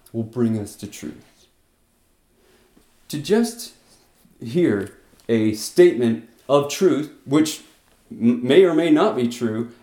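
A man teaching through a Bible passage, animated, acting out quotes with bursts of loudness and short laughs. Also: on the high side, roomy sound.

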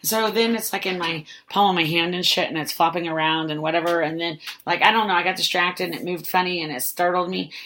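Low-voiced woman podcast host; rambling, self-mocking solo storyteller who swears casually and fills with "like". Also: steady tone, fairly quick, hardly any pauses, fairly bright tone, slight background noise.

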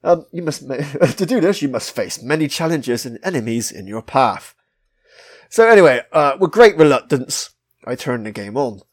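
A British man hosts a laid-back podcast, talking about a retro game, swearing freely and laughing at himself. His medium-pitched voice is very animated and moves at a normal speed.

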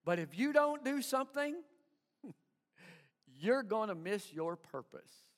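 A man's voice: high-pitched, very animated, slow. A man pastor delivering an emphatic sermon, calling for responses from the congregation and often stumbling over repeated words. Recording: live sermon with long hall reverb.

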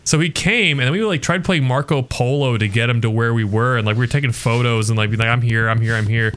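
A man co-hosting a sports podcast, telling a long story in a rambling, animated way with lots of fillers. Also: mid-range voice, fast talker. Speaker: podcast co-host. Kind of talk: casual storytelling chat.

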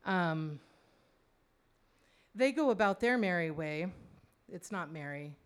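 This woman speaks slowly and expressively in a lowish, clean voice. She's recounting a personal story in a chatty, wry manner, with plenty of asides and fillers.

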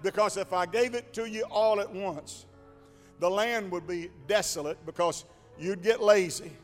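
A man preaching a sermon, moving from quiet reflection to shouted exclamations in a rhythmic preaching cadence. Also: high voice, measured pace. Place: church sanctuary. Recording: long hall reverb, faint music.

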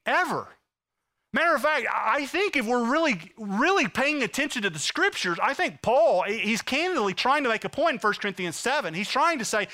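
A man in his thirties preaching a sermon as pastor, impassioned, swinging from loud emphasis to hushed intensity. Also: extremely high pitch, big pitch swings, moderate pace.

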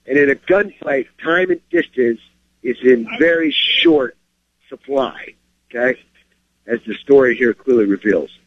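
A firearms instructor and show host with a gravelly mid-range voice, big pitch swings, and a slightly slow pace explains carry rules plainly and emphatically, checking in with "okay?". He also reads short stories aloud, adding his own remarks, on a muffled recording.

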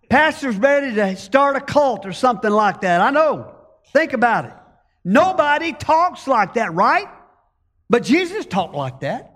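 A man's voice: very high-pitched, a bit bright, in a large hall. A man preaching a sermon as pastor from a church stage, talking conversationally and asking the congregation rhetorical questions.

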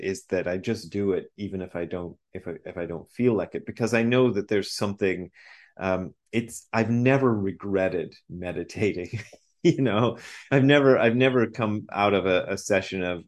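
A man in his fifties with a very low voice speaks as a podcast guest. He talks casually, stumbling over and repeating words, and chuckles often. His talk comes across as relaxed and self-deprecating. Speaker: guest, Zen priest and author.

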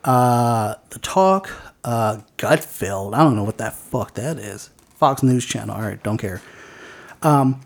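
A man's voice: mid-range voice, animated, takes it slowly, gravelly. A man co-hosting a casual podcast, reading news items aloud with lots of fillers and stumbles. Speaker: podcast co-host.

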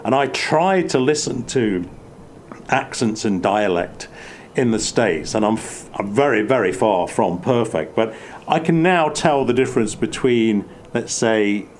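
Englishman from the Midlands, low, reflective. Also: slight background noise. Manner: reflective, many restarts, animated bursts. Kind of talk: casual chat.

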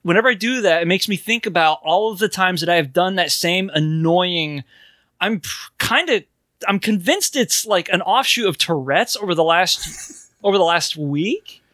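High, bright-voiced joking man. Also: expressive, moderate pace, no room sound. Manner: jokey, laughs often, wry asides. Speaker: podcast co-host. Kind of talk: casual chat.

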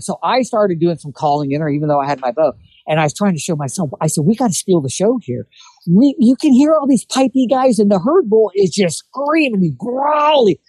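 A man's voice: sits high, breathy edge, dry recording, rough recording. A man telling a hunting story in a casual chat, acting out what people said. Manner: animated storyteller acting out quotes. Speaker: guest telling hunting stories.

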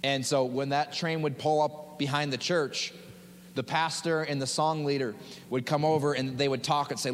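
A man's voice: a little high, fairly even intonation, moderate pace. A man preaching a sermon as pastor, in an impassioned, dramatic way with repeated phrases. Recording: long hall reverb.

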